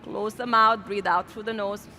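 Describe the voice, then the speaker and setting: Bright-voiced woman guiding yoga breaths. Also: mid-range voice, slight background noise. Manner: calm, slow, gently instructive. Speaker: yoga instructor. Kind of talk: guided breathing instruction. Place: outdoors in a city square.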